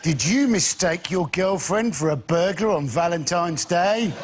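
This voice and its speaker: A man's voice: high-pitched, lively intonation, measured pace. A man delivering sardonic comedy one-liners on a panel show. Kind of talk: improvised comedy. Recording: heavy background noise.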